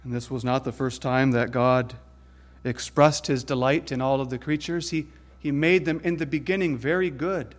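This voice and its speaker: A man preaching a sermon, deliberate and emphatic, building stress through lists of scripture. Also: mid-range voice, fairly even intonation.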